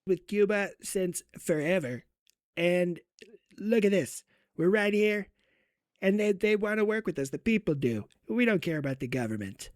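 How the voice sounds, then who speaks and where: A crude, bragging American president, as a man puts him on for a comedy bit. The voice sits high for a man and sounds dry and close. He throws out boasts and easy deals. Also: expressive, normal speed, no room sound. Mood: boastful. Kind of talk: comedic country role-play.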